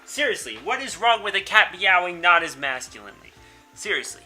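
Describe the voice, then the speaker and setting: A man's voice: high-pitched, lively intonation, brisk, bright, forceful tone, faint music behind. A young man hosting a let's-play, reading a visual novel aloud and commenting in a casual, blunt way, swearing freely.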